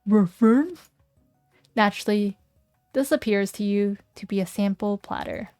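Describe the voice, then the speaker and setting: A woman's voice: medium pitch, fairly even intonation, normal speed, darkish tone, clean tone, dry recording, soft background music. A young woman streaming, reading a game aloud, playful and joking with chat on a close mic. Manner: playful and giggly, jokes with chat. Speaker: vtuber streamer.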